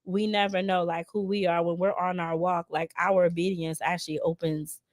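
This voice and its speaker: A woman business owner speaks as a podcast guest. She talks heartfelt and chatty, often tagging "right?", in a slightly low voice. The recording is close and dry. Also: little pitch movement, normal speed, dry recording. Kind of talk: casual interview chat.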